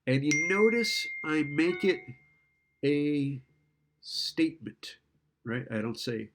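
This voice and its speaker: A man's voice: a little high, expressive, unhurried, fairly bright tone. A man lecturing in a casual, conversational way, often checking in with "right?" and acting out client and therapist lines. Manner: conversational, keeps asking "right?".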